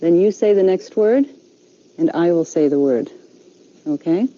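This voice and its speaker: A woman's voice: fairly low pitch, expressive, unhurried, mellow, highs cut off. A woman language teacher giving patient classroom instructions, repeating herself often and checking in with "okay".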